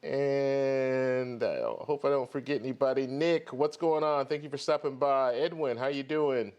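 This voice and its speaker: Guy running a live chat stream, easygoing, shouting out people in the chat. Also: mid-range voice, fairly even intonation, a little slow, highs cut off. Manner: chatty, greets viewers by name. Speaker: host of a travel credit card channel.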